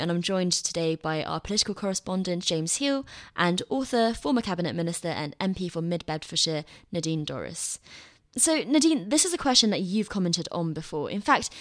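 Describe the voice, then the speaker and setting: A woman hosting a political podcast, asking questions in a clear, inquisitive way. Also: on the low side, no room sound, studio quality. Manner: clear, inquisitive, expressive intonation. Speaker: podcast host.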